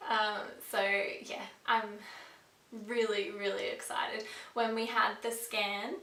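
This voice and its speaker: A woman's voice: mid-range voice, flat delivery, takes it slowly, pushed and bright. A pregnant woman in her twenties chatting casually and upbeat in a vlog, with frequent fillers. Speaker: vlogger. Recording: echoey room, mic a bit distant.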